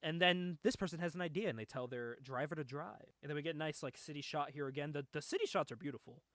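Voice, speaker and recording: A man's voice: fairly high pitch, quick pace, a bit bright, no echo. A man hosting a podcast, giving a casual comic book recap with frequent laughter and filler words. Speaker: comic review podcast host.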